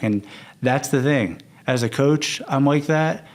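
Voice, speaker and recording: In an unhurried, mid-range voice, a young man who coaches chats as a podcast guest. The talk is casual and candid, built on storytelling and acted-out quotes.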